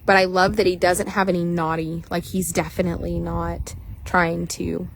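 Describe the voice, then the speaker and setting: A woman's voice: lowish voice, little pitch movement, moderate pace, gravelly. Blunt, joking woman horse trader. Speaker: horse trader narrating a training video. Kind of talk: casual commentary. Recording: noisy outdoor ambience.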